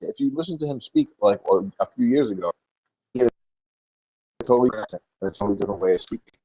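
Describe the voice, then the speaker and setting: A man calling into a live audio room who pushes his point in a rushed, insistent way. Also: fairly low pitch, mellow, a little hiss or hum, low-quality recording. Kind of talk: casual political talk.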